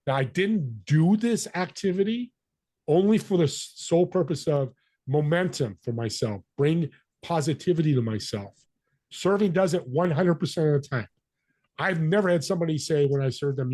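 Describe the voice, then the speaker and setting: Animated husky-voiced male storyteller. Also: medium pitch, no room sound. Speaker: podcast guest, business connector. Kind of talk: storytelling interview talk.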